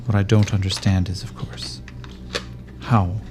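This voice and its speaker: A man's voice: deep voice, flat delivery, a little slow, noisy background. A man doing a stern grieving knight lord. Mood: reproachful. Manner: solemn and reproachful. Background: faint background music.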